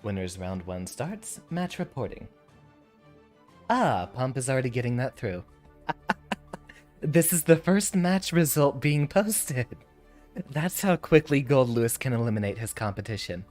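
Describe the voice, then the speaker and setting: A man's voice: mid-range voice, lively intonation, unhurried, long pauses, darkish tone, faint music behind. A man streaming a fighting game, chatting and thinking aloud as he plays, now and then laughing. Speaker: VTuber streamer. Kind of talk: live gameplay commentary.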